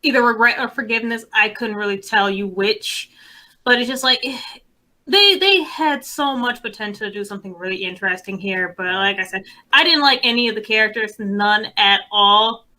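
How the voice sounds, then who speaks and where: Bright, exasperated young woman. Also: medium pitch, normal speed, poor audio. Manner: blunt, exasperated, swears freely. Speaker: podcast co-host. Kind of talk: casual chat.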